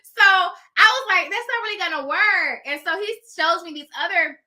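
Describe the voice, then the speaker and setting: A woman telling a personal story in casual style, animated, laughing often and acting out the dialogue. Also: very high voice, normal speed. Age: adult with children.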